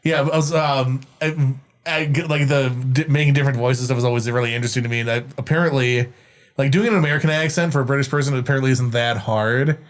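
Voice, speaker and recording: A man co-hosting a podcast in casual chat, halting and repeating words as he goes. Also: mid-range voice, steady tone. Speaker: podcast co-host.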